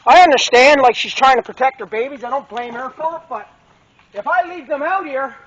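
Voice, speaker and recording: High-voiced man vlogging outdoors. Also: fairly quick, crowd noise. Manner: talks to camera while working, coaxing and calling out to his pig. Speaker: homesteader filming his farm. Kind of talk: handheld outdoor vlog narration. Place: outdoors in brush on a farm. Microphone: camera mic, handheld and then set on a tree. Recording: dull lo-fi outdoor camera audio with clear background noise.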